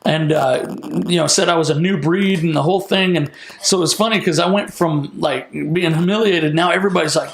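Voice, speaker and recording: Gravelly man telling a lively story. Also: a little high, fairly quick, roomy sound, slight background noise. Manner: lively, casual, lots of "like" and "you know". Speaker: minister sharing a testimony. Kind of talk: animated storytelling in an interview.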